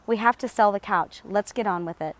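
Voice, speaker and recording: A woman voicing a calm, resourceful father in a storybook reading, speaking firmly and plainly. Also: mid-range voice, a little fast, natural voice. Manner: firm and level, raising his voice to clear a path. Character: calm steady father, quick-witted and resourceful.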